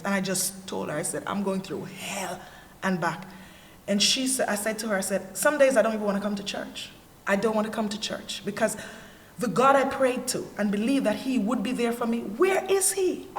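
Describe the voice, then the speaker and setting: A woman's voice: medium pitch, a little hiss or hum. A woman with a Jamaican accent giving a candid, earnest personal testimony as a panelist. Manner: earnest storyteller, candid and animated. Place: church hall. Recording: echoey hall with faint ambience.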